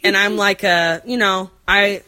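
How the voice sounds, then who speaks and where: A woman's voice: mid-range voice, fairly even intonation, unhurried, pushed and bright. A woman in her forties telling a rambling, chatty story, full of fillers, with frequent laughs. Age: 40s. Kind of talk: casual storytelling chat.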